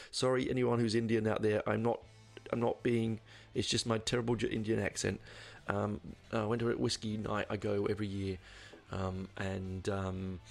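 A man's voice: fairly low pitch, gravelly. A man giving a casual album review, rambling and hesitant, with lots of ums and restarts. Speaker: music reviewer.

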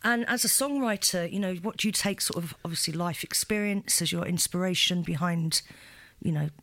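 A woman's voice: on the low side, fairly quick, fairly bright tone. Chatty woman radio host. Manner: chatty, giggly, filler-heavy. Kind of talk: casual chat interview. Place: London radio studio.

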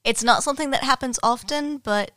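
A woman's voice: high-pitched, brisk, bright, forceful tone, dry recording. A woman co-hosting a podcast, reading out quiz choices in casual banter. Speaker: podcast co-host reading the game questions.

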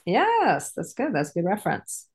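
A woman's voice: medium pitch, huge pitch swings, moderate pace. A woman co-hosting a casual recap podcast, chatting in a rambling way with lots of fillers. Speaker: podcast co-host. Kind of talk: casual episode recap chat.

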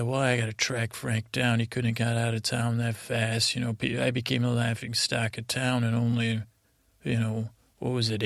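A man with a gravelly voice drifts through a rambling bedtime story, circling back on himself with restarts and trailing asides. His delivery stays flat and even, and the sound is dry and close. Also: no room sound. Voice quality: gravelly, low-key drone. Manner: meandering, halting, with many restarts and trailing asides. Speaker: sleep podcast host.

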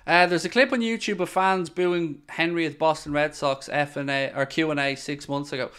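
A man's voice: fairly high pitch, fairly even intonation, moderate pace, fairly bright tone, smooth. A man hosting a casual live-stream podcast, answering viewer comments bluntly and swearing when worked up.

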